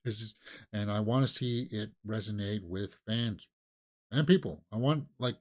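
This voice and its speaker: A man hosting a movie news channel, chatting casually and rambling with mocking asides and quick put-on quotes. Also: lowish voice. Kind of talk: casual solo commentary.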